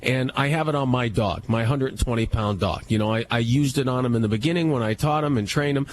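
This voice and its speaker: A man co-hosting a radio talk show, telling stories in a casual, animated way and acting out the dialogue. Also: medium pitch, fast, slight background noise. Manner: animated storyteller who acts out dialogue. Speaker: co-host. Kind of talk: casual storytelling chat.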